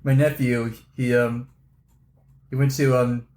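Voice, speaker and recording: A man's voice: medium pitch, flat delivery, slow pace, darkish tone. A man co-hosting a podcast, chatting casually with hesitant, stammering restarts. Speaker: podcast co-host. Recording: echoey room with faint noise.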